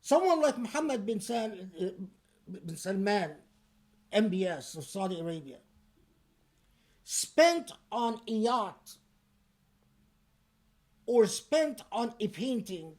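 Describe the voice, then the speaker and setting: A man preaching a Friday sermon in a deliberate, emphatic and pointed way. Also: high-pitched, sing-song, a little mellow.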